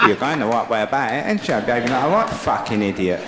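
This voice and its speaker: Animated Cockney comic on stage. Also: male voice, medium pitch, fast talker, hardly any pauses, very noisy. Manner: animated storytelling, acts out voices. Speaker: stand-up comedian. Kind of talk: stand-up comedy set. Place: comedy stage. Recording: roomy live venue with loud crowd laughter. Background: audience laughing.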